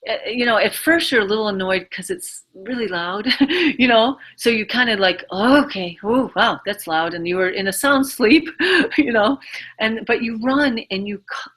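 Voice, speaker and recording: Bright-voiced woman explaining with lots of fillers. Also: mid-range voice, a little slow, low-quality recording. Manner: rambling, filler-heavy, acts out inner dialogue. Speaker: interview guest. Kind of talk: casual advice talk.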